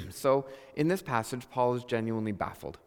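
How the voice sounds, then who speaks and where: A man preaching a sermon, conversational and animated, telling stories with emphatic bursts. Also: mid-range voice, moderate pace, long reverb tail. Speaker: pastor.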